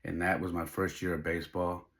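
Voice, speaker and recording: Deep-voiced man telling a heartfelt story. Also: flat delivery, fairly quick, a bit bright. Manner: emotional, heartfelt, faith-driven. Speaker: podcast host. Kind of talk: personal storytelling monologue.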